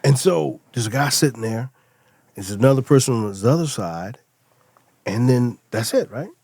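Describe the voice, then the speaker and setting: Middle-aged guy telling travel stories on a podcast, animated, does little voices, dry sound. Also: mid-range voice, moderate pace, no room sound. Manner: animated storyteller, acts out quoted voices. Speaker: podcast guest. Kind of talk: casual storytelling chat.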